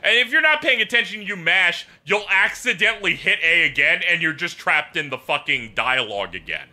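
A male livestreamer with a fairly high, very bright voice that swings up and down as he talks. He tells his gaming woes as a rambling, animated story, cursing and laughing along the way. Soft music plays underneath. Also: moderate pace. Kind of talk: casual gameplay chat.

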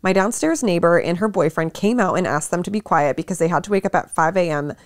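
A young woman co-hosts a podcast, chatting casually and reading a listener's post aloud. She talks fast in a lowish voice, animated and laughing often, with lots of "likes," and the studio-quality audio has no echo.

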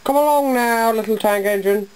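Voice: mid-range voice, normal speed, fairly bright tone, voice pushed up, lightly acted, rough recording. A young narrator voicing a pompous male express steam engine who looks down on others and squawks when upset. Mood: haughty. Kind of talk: amateur storybook voice acting.

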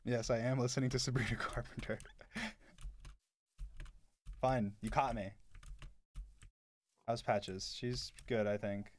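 A man's voice: medium pitch, fairly even intonation, takes it slowly, long pauses, slight background noise. A young man in his twenties casually answering chat on a live stream, blunt and sarcastic, with lots of "like". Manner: blunt and offhand, heavy filler "like", sarcastic asides.

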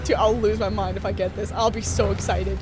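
A woman streamer giving casual, excitable commentary as she plays a shooter, laughing often and talking to the game. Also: mid-range voice, fairly quick. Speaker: gaming streamer. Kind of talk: casual let's-play commentary. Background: game music and gunfire.

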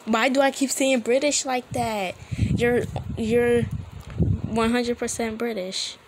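A woman's voice: on the high side, fairly even intonation, takes it slowly, background noise. A woman hosting a casual reaction video, emphatic and exasperated as she talks back to what she watches.

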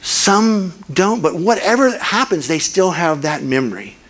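An older man preaches at a church, his voice sitting high for a man. He tells stories earnestly and slips into lively voices for the people he quotes. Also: a little slow. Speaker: guest preacher. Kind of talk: sermon.

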